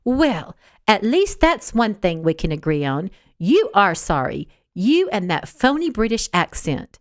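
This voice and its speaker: A woman's voice: medium pitch, sing-song, a little slow, no echo, clean studio sound. A woman voicing a haughty, spoiled young woman who speaks in a snippy, condescending way.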